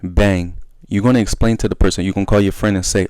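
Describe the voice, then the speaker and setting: A young man speaking in a casual, animated way, giving advice and acting out bits of dialogue. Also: deep voice, fast, dry recording. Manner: animated, conversational, acts out dialogue. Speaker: self-help video host.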